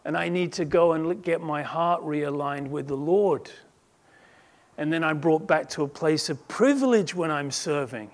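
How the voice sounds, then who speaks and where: A male pastor delivers a sermon in a fairly high-pitched voice. He speaks earnestly, pressing his points with emphatic repetition that swells as he goes. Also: normal speed. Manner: earnest, emphatic preaching that swells in repeated phrases.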